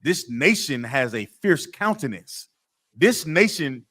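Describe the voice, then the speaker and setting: A man's voice: fairly high pitch, big pitch swings, slow pace, fairly bright tone. Man teaching a scripture class. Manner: preachy call-and-response questioning.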